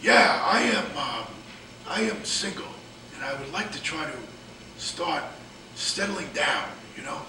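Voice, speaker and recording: A man's voice: fairly high pitch, animated, unhurried, pushed and bright, slight background noise, exaggerated voice. A man playing a crude, oblivious single guy talking about dating. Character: crude single adult man looking for love. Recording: echoey room from far off.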